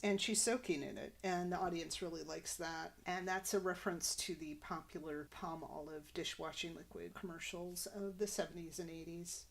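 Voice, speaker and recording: A woman's voice: lowish voice, vocal fry. A woman hosting a podcast, recapping a sitcom episode and explaining its jokes and references. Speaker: podcast host.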